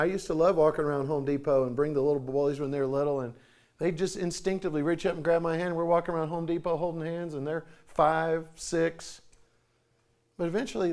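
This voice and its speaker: Folksy man in his forties, slightly high. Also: a little mellow. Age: 40s. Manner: folksy, acts out quoted voices with jumps in pitch. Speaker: conference speaker. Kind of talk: conference talk.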